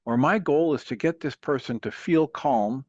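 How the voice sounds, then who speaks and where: Male call-in host, patient and earnest, mid-pitched, dry and dull lo-fi sound. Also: normal speed, no echo. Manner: earnest, patient, steady counseling. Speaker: radio talk show host, coach. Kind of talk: calm advice on a call-in show.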